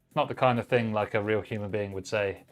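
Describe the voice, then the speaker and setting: A man's voice: lowish voice, fast, faint music behind. A man hosting a live stream, chatting casually with viewers while building a PC. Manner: chatty, relaxed, reads chat messages aloud while working. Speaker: livestream host building a PC.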